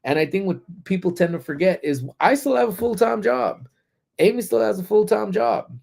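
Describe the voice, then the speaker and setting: A man's voice: high voice, normal speed, creaky, darkish tone. A man hosting a casual live-stream chat from a parked car, telling stories with lots of ums and turning blunt and profane when he is annoyed. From Southern California. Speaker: livestream host.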